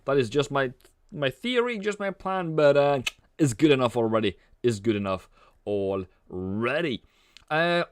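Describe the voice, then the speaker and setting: Playful man, smooth dry voice. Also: mid-range voice, no room sound. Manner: playful, rambling, sings and jokes between chart calls. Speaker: forex trading streamer. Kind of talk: casual live-stream commentary.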